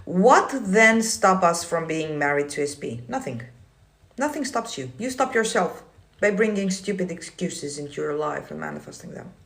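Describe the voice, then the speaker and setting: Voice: medium pitch, lively intonation, normal speed, vocal fry, fairly bright tone. A manifestation coach on a casual livestream, reading viewer comments aloud and answering them in a blunt, swearing, teasing way.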